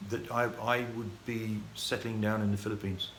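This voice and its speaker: A man from the United Kingdom telling his life story in a casual, halting vlog monologue full of restarts and fillers. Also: on the low side, level tone, fairly bright tone. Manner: rambling, halting, many restarts and fillers, chuckling. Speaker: vlogger. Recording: echoey room with faint ambient noise.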